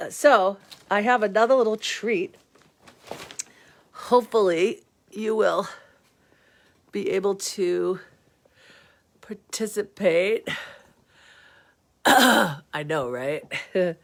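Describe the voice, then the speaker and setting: A woman reading a picture book aloud to listeners, chatty and laughing often between the lines. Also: mid-range voice.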